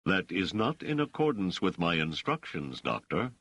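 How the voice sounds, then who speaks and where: A man voicing a tall, stolid male sergeant in an audiobook, speaking slowly and formally in a rumbling bass. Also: very animated, fairly bright tone, dry recording, heavily acted.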